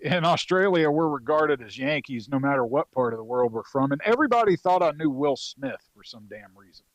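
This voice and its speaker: Speaking briskly, a North Carolina Marine veteran around forty relaxes into a rambling story from his service as a podcast guest. He curses freely and uses plenty of fillers, his pitch middling. The sound is close and dry, almost free of room echo.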